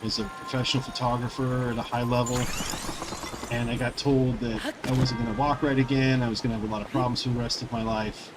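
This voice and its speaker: A man's voice: mid-range voice, flat delivery, brisk, music in the background, poor audio. Rambling, chatty male gaming streamer. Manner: rambling, loose, lots of fillers. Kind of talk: casual chat while playing.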